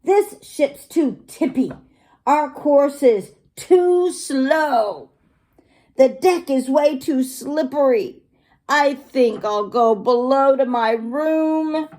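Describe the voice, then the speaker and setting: A woman's voice: sits high, drawn-out words, a little mellow, pitched above the performer's own voice. A woman doing a whiny grumpy pirate. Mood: moaning. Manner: complaining, moaning.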